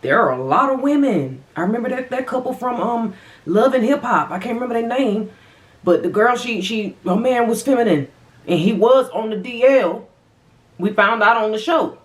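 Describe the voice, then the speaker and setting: A woman's voice: on the high side, expressive, moderate pace, reverberant. A woman vlogger chatting casually to viewers while eating, calling them y'all, her voice swinging up and down. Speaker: mukbang vlogger.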